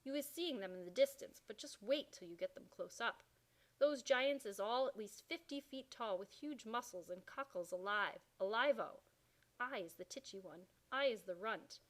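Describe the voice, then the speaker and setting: A woman's voice: a little high, animated, normal speed, lightly acted. Woman reading as a kindly giant who mangles his words. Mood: earnest. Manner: mangled grammar and made-up words. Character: huge kindly old male giant.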